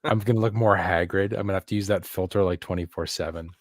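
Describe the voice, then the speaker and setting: A man's voice: low voice, steady tone, fast talker, no room sound. Joking man on a podcast, dry sound. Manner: joking, rambling banter. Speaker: podcast co-host. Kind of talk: casual chat.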